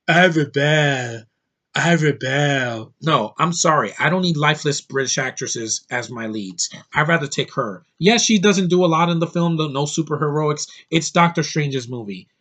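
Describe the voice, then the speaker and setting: A young man talking casually to camera in a home video, opinionated and excitable, ranting about what he likes and hates. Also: on the high side. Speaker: movie collector vlogger. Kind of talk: casual movie haul vlog.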